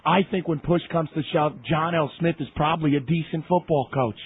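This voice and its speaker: A man's voice: a little high, fairly even intonation, a little fast, breathy edge. A man delivering an impassioned, emphatic sports rant, repeating himself for effect. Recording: tinny phone line.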